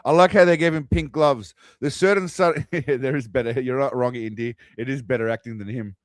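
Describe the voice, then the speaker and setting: Rambling stream host. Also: male voice, medium pitch, steady tone, fairly quick, soft background music. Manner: rambling, chatty, with restarts and laughs. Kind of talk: casual stream commentary.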